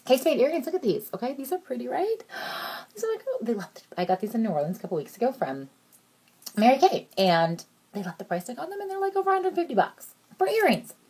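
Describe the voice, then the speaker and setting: A woman in her thirties giving a casual, chatty sales pitch straight to her viewers, bubbly and jokey. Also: big pitch swings, quick pace, darkish tone, husky. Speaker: direct sales consultant.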